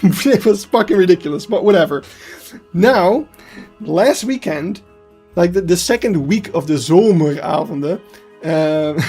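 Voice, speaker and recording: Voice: mid-range voice, a little mellow, slightly rough. Swearing streamer ranting. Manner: heated ranting, swears freely, laughs at self. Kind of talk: casual live-stream chat. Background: faint background music.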